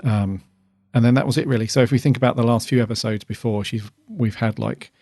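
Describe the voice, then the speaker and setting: Male podcast co-host, casual and rambling, creaky mid-pitched voice, dry sound. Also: steady tone, fast, darkish tone, dry recording. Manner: chatty, rambling with many ums. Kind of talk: casual review chat.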